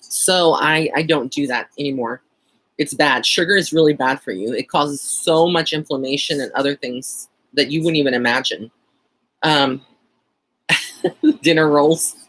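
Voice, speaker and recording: A man's voice: fairly high pitch, unhurried, a bit bright. Chatty Texan man on a livestream. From Texas. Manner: chatty and rambling, frequent fillers and light laughter. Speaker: psychic medium hosting a live chat. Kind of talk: casual live-stream chat.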